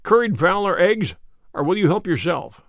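A sharp, self-assured detective talks in a brisk, dry way, as a man reads him in an audiobook. The voice sits a little high and moves a lot in pitch. The sound is close and dry. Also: expressive, no echo. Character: sharp, wry male detective, brisk and confident. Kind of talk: audiobook character reading.

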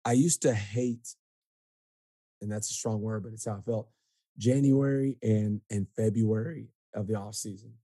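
Chill podcast host dude, warm mellow voice, dry close mic, kinda stop-start. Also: male voice, lowish voice, no room sound. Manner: easygoing, halting with restarts. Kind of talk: casual podcast interview.

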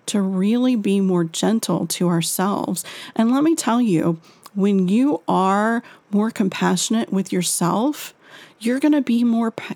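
Slow, gravelly-voiced woman giving parenting advice. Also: mid-range voice, dry recording. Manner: gentle, reassuring, encouraging. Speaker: parenting author and advisor.

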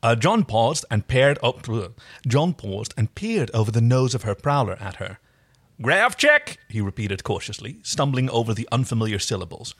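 A man's voice: mid-range voice, lively intonation, normal speed, husky. A man co-hosting a podcast, reading fan fiction aloud with wry, chatty asides. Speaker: podcast co-host.

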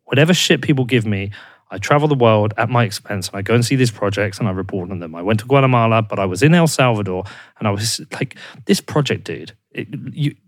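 A man's voice: fairly low pitch, fast, dry recording. Podcast host, man, heated and profane, dry close recording. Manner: passionate ranting, heavy swearing. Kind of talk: casual conversational interview.

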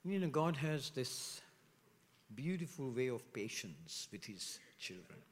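A middle-aged man preaching a sermon as pastor, with animated rhetorical questions, dropping to hushed asides and rising loud again. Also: mid-range voice, measured pace. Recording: long reverb of a large hall.

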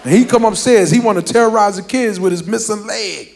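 A man's voice: high voice, fairly quick, gravelly, hardly any pauses, crowd noise, noisy background. A man performing a stand-up comedy routine, telling family stories animatedly and laughing through lines.

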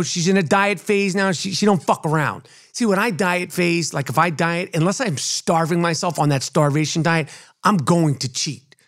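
Animated, foul-mouthed New man telling a story. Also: high voice. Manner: animated, swearing, acts out voices in his stories. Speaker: podcast host. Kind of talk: profane comic storytelling.

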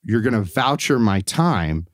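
A man's voice: on the low side, big pitch swings, unhurried, dry recording, clean studio sound. A man co-hosting a podcast, telling an angry story about customer service calls, cursing and acting out both sides of the phone conversations. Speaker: podcast co-host. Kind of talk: casual chat, ranting story.

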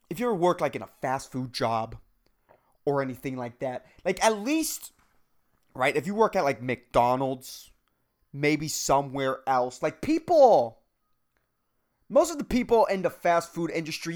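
A man's voice: on the high side, sing-song, moderate pace. A man in his thirties hosting a solo podcast, rambling and swearing, jumping from topic to topic and calling the listener "dude.". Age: 30s. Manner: rambling, profane, says "dude" and "man" constantly; jumps between topics, self-mocking. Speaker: podcast host. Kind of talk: solo casual rant.

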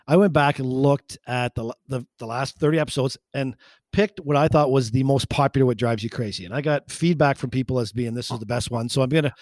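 A man's voice: medium pitch, brisk, a little mellow, dry recording. A man co-hosting a podcast in casual chat, chuckling along. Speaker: podcast co-host.

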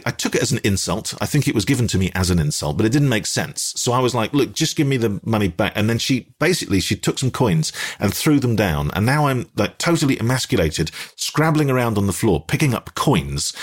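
A man with an English accent, telling a rambling, self-deprecating story as a guest in a casual conversation, hesitating often. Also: medium pitch.

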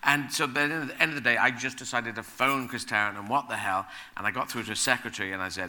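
A middle-aged man chatting as an interview guest, spilling out animated, rambling anecdotes and correcting himself mid-flow. His voice is very bright and sharp, pitched in an ordinary male range. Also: fast, few pauses. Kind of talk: casual chat, anecdotes.

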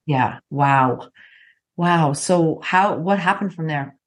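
A woman's voice: low voice, slow pace, slightly rough. A woman hosting a podcast interview, responding with sympathy and short affirmations. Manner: supportive, reacts with short affirmations. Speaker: podcast host. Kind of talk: empathetic interview.

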